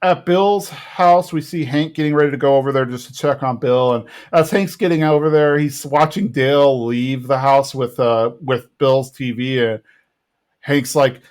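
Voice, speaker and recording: A male podcast co-host rambles casually through a recap of a cartoon episode, quoting lines from the characters. His voice sits in the mid range at a moderate pace.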